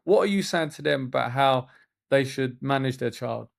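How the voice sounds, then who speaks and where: A man, hosting a casual podcast and telling stories in a rambling, animated way with frequent restarts. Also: medium pitch, moderate pace, gravelly. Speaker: podcast host and youth football coach.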